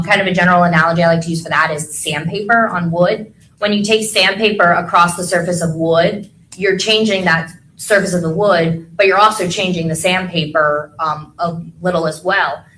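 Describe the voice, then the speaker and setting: Low-voiced woman giving expert testimony. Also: fairly even intonation, moderate pace, fairly bright tone, slight background noise, poor audio. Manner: explains patiently with everyday analogies, frequent ums. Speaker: firearms examiner testifying as expert witness. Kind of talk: courtroom testimony. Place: courtroom.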